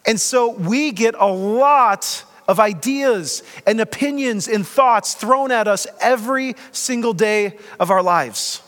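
A man's voice: high-pitched, takes it slowly, hardly any pauses, fairly bright tone, in a large hall. A man preaching a sermon as pastor, in a conversational way with light humor.

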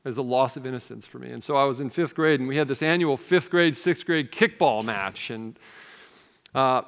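A man's voice: mid-range voice, moderate pace, gravelly, fairly bright tone. A man preaching a sermon, telling a childhood story in an earnest, conversational way with casual fillers. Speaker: pastor. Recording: long hall reverb.

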